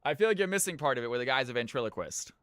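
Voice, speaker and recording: A man's voice: medium pitch, expressive, very fast, fairly bright tone, no room sound. A young man streaming, telling jokes in a loose, rambling way. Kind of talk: casual joke-telling on stream.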